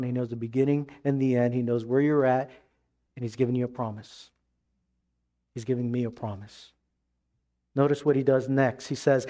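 A man preaching a sermon as pastor, emphatic, then dropping to hushed tones. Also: mid-range voice, normal speed.

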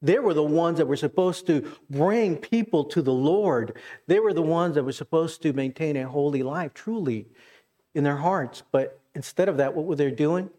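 A man's voice: fairly high pitch, normal speed, mellow. A man preaching a sermon, earnest, with repeated words and questions to the congregation. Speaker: pastor.

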